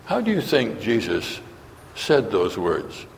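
A man delivers a sermon at an unhurried, deliberate pace. His voice rings out with a long hall reverb around it. He often puts questions to the listeners and acts out the lines he quotes. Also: fairly low pitch, huge pitch swings, gravelly, a little hiss or hum. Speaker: preacher.

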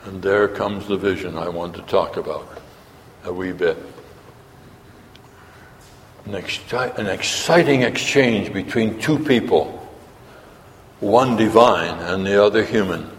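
A man delivers a sermon at an unhurried, deliberate pace. His voice rings out with a long hall reverb around it. He often puts questions to the listeners and acts out the lines he quotes. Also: low-pitched, slight background noise. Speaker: preacher.

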